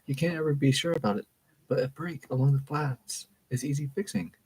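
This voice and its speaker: A man's voice: medium pitch, a little fast, background noise, lightly acted. A man reading as a confident boy gunsmith.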